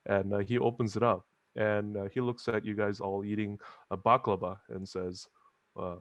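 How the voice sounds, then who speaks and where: Male player, casual narration, low dry voice. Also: flat delivery, moderate pace, fairly bright tone, dry recording. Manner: casual, with many fillers. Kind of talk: narrating a tabletop game.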